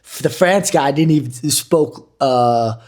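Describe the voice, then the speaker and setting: A man of middle pitch telling stories in a loose, joking way, swearing freely as he rambles. He talks like a podcast co-host chatting with a friend. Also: slow, darkish tone. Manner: rambling, profane, joking storyteller. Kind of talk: casual chat.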